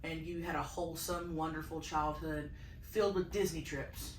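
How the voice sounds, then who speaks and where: A woman's voice: low voice, steady tone, normal speed, distant mic. A woman guest joining a podcast in casual chat, teasing and joking. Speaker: comedian guest. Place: comedy club green room. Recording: roomy, a bit off-mic, faint noise.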